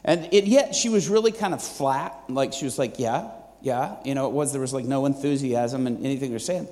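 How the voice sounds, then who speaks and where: A man's voice: medium pitch, brisk, a little mellow. A male preacher telling a story in a sermon, in a loose, conversational way with many fillers and restarts. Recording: long reverb of a large hall.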